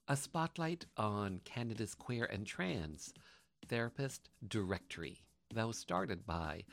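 A man's voice: lowish voice, creaky. A man hosting a radio show, introducing the program and its segments in an upbeat announcer manner over a music bed.

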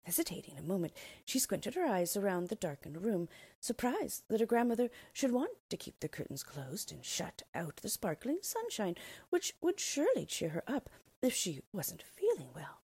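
A woman narrating a storybook read-aloud expressively, dipping into soft whispers. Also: medium pitch, big pitch swings, normal speed, slightly rough, no echo.

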